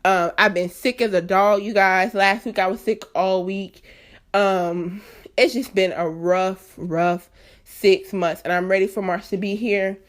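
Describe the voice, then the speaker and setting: A woman's voice: medium pitch, fairly even intonation, a little slow. A woman in her late twenties with a mid-range voice talks on her own podcast. She speaks earnestly and emphatically, chatty and unscripted, often turning to address her listeners directly. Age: late 20s. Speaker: podcast host. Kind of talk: candid solo podcast talk.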